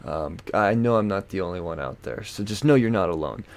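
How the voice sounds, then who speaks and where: A man's voice: deep voice, brisk. A man hosting a podcast, telling a rambling, profane and self-mocking story in a casual way, with lots of fillers. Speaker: podcast host.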